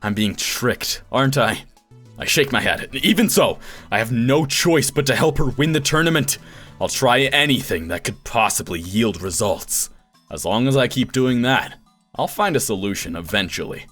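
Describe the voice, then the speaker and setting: A man voice-acting a game playthrough, reading lines theatrically and breaking into laughs and shouts. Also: mid-range voice, expressive, normal speed, soft background music. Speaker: voice actor playing a visual novel. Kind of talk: acted game reading with reactions.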